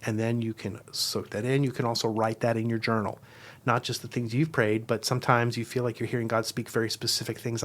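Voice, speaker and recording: A man speaking as a guest, explaining a devotional method in an earnest, reflective way and slowing down to stress key words. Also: medium pitch, little pitch movement. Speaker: guest teacher.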